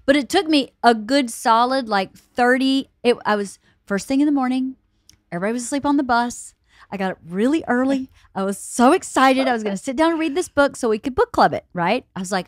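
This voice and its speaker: A woman's voice: medium pitch, lively intonation, brisk, dry recording, clean studio sound. A woman hosting a podcast, telling a long exasperated story in casual chat with friends. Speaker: podcast host.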